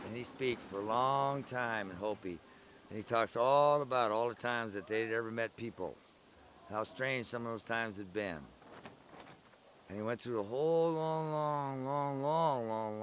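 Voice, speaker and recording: A man's voice: mid-range voice, a bit bright, a little hiss or hum. An older man recalling his early days at the gathering in a rambling, conversational oral-history style. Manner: rambling, conversational storytelling with digressions.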